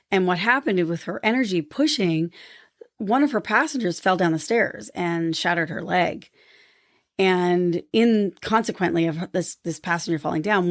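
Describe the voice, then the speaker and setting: A woman co-hosting a podcast, telling a story earnestly and lively when she quotes people. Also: on the low side, no echo, clean studio sound. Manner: earnest storytelling, animated when quoting others. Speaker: podcast co-host. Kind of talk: casual conversation.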